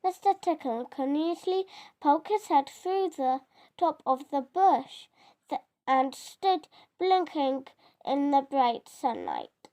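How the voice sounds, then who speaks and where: A child reading a picture book aloud, halting and often stumbling over words and correcting itself. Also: high-pitched, wildly swooping pitch, warm tone. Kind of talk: storybook reading.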